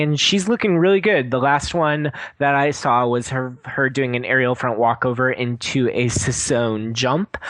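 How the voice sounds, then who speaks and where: A man's voice: mid-range voice, fairly bright tone, no echo, poor audio. A man with a Wisconsin accent co-hosting a podcast, reading a casual news roundup and laughing easily. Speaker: podcast co-host.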